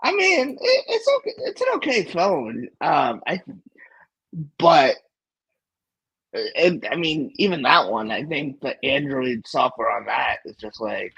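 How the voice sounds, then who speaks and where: A man's voice: fairly high pitch, huge pitch swings, measured pace, gravelly, a bit bright, breathy edge, rough recording. A man hosting a casual tech livestream who talks animatedly, laughs often and trails off into restarts. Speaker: livestream host.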